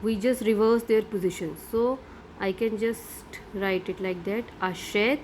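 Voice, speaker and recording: A woman's voice: medium pitch, fairly even intonation, a little slow, warm tone, slight background noise. A middle-aged woman teaching a French grammar lesson, explaining patiently step by step and checking in with "right?".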